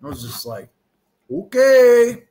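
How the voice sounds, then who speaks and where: A man's voice: medium pitch, measured pace, a bit bright. A man talking to camera in a loose, meandering way, trailing off and restarting his thoughts. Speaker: vlogger. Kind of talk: rambling casual monologue.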